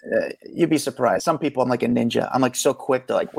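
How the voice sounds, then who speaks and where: Gravelly animated male podcast host. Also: medium pitch, fast, no echo. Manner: animated storyteller, acts out quotes. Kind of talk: casual chat.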